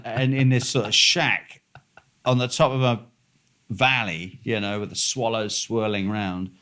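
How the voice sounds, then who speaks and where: A man's voice: fairly low pitch, fairly even intonation, measured pace, sharp tone. A man telling a long, rambling, profane anecdote with many fillers and restarts.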